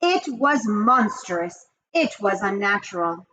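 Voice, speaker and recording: A woman reading a children's story aloud with expressive, dramatic storytelling. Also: medium pitch, slow pace, few pauses, highs cut off, slight background noise. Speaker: reader of children's books. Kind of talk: storybook read-aloud narration.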